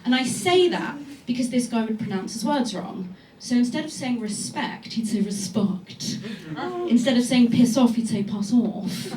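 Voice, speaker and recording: A woman's voice: on the high side, animated, moderate pace, hardly any pauses, warm tone, reverberant, distant mic. A woman comedian doing a punchy, conversational stand-up set, recorded live from the stage of a comedy club. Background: laughing audience.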